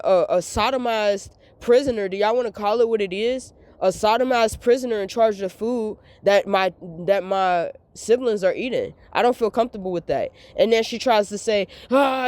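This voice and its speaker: A woman's voice: mid-range voice, darkish tone, dry recording. Young woman vlogger, candid venting monologue, emphatic and repetitive, dry close sound. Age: young adult.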